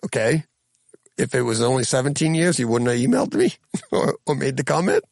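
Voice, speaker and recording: A man with a gravelly, fry-edged voice at an ordinary pitch talks his way through listener comments for his podcast. He rambles, restarts his sentences and chuckles often. The sound is dry and close, with little room around it. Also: lively intonation, brisk, a little mellow, no echo. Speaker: podcast host. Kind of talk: casual podcast chat reading listener comments.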